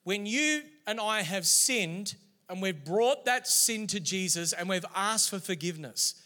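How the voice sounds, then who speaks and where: A middle-aged man delivering a sermon, his voice high and bright. He tells stories with lively, animated energy. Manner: animated storytelling preacher. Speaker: pastor.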